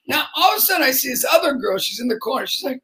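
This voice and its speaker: A man's voice: very high voice, big pitch swings, racing. A middle-aged man, a motivational speaker and basketball coach, telling a story with lots of energy and acting out the voices of the people in it. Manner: acts out voices in his stories, shouting and laughing. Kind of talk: animated storytelling.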